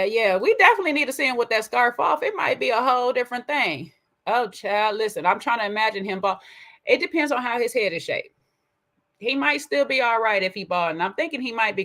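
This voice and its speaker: Sassy woman giving TV commentary. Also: medium pitch. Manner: sassy, animated, colloquial. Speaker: commentary host. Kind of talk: casual reality TV commentary.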